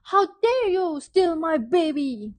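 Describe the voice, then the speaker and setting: A woman's voice: a little high, measured pace, a little mellow, no echo. A woman voicing a hot-tempered daddy mouse. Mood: angry. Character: father mouse, hot-tempered then sorry.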